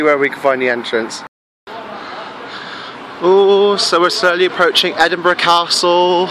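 A man chatting casually in a travel vlog, excitable and full of fillers, filming himself indoors and then outdoors on a handheld camera. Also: fairly high pitch, unhurried, long pauses, slight background noise. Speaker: travel vlogger. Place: hotel room, then outdoors at a castle.

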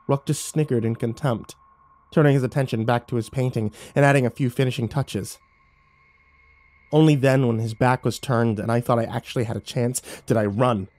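A man's voice: mid-range voice, steady tone, moderate pace, a little mellow, no room sound. A man reading horror stories aloud, building tension and turning urgent in the action scenes. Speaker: horror story narrator. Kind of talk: dramatic horror story narration.

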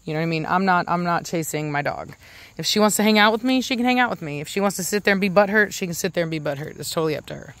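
A woman's voice: on the low side, rapid-fire, fairly bright tone, dry recording. A young adult woman hosting a casual vlog, talking in a rambling way with many restarts and stopping to coo at her dogs. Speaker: dog breeder and channel host.

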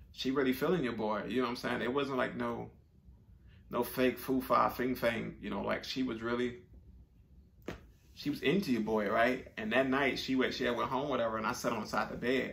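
Gravelly-voiced man telling a personal story. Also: mid-range voice, sharp tone. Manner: conversational, repeats phrases, slangy. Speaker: storyteller vlogger. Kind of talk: casual storytelling.

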